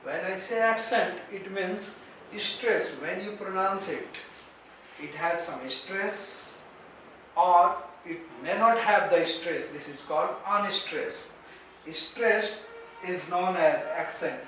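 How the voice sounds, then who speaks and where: A man with an Indian English accent teaching a slow, deliberate lesson on poetry. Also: sits high, pushed and bright, distant mic, slight background noise. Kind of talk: lecture on poetry. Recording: echoey room, voice off-mic.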